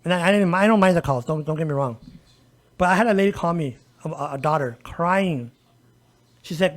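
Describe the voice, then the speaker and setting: Emphatic high-pitched man on a podcast. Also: a little fast. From El Paso area, US. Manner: emphatic, repeatedly addressing listeners with "folks" and "okay?". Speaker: disability advocate guest. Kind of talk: conversational podcast interview.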